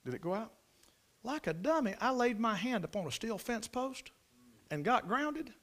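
Guy with a high voice, folksy preacher telling a farm story, pitch all over the place. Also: normal speed. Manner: folksy, animated, drawling country talk.

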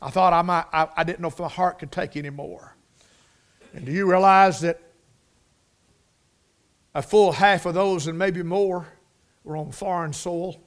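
A middle-aged man preaching with a fairly high voice. He talks in a folksy, heartfelt way, repeating words for emphasis and swinging between quiet and fervent loud passages. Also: steady tone, measured pace, long pauses. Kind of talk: sermon.

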